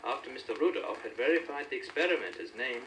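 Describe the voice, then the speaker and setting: A man's voice: medium pitch, animated, quick pace, a bit bright. A man giving formal, matter-of-fact scripted documentary narration on an old record. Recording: distant, hissy old vinyl recording.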